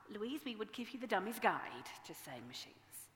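Lady in her 40s preaching, bright lively voice, big echoey church hall. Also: medium pitch, normal speed, hardly any pauses. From Yorkshire, England. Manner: animated, self-mocking storytelling. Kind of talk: sermon. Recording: echoey hall with long reverb.

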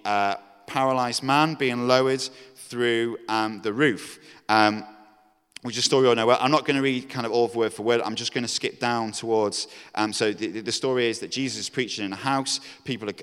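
Preacher in a reverberant hall. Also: male voice, fairly low pitch, fairly bright tone, smooth. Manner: conversational, with fillers and restarts. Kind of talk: sermon.

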